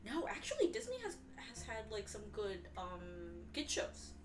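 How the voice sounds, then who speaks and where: A woman's voice: on the high side, wildly swooping pitch, normal speed. A woman chatting casually with a co-host, speaking hesitantly with many restarts. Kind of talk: casual chat. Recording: echoey, distant, noisy mic.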